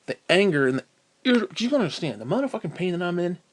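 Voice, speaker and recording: A man in pain ranting angrily and profanely to camera, swinging between loud outbursts and low mutters. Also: sing-song, racing, slight background noise. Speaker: vlogger.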